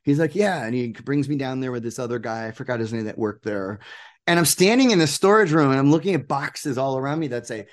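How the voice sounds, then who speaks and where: A man's voice: medium pitch, fast. A man being interviewed as a guest, telling stories with enthusiasm and acting out what other people said. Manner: animated, enthusiastic, acts out quoted people. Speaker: guest, producer and game maker. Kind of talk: casual interview storytelling.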